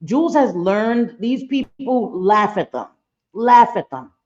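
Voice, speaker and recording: A woman's voice: a little high, sing-song, slow, darkish tone, dull audio. A woman hosting a live reaction stream, casual and blunt, swearing freely and repeating her points for emphasis. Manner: blunt, profane, emphatic repetition. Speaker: reaction channel host. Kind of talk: casual commentary on a played clip.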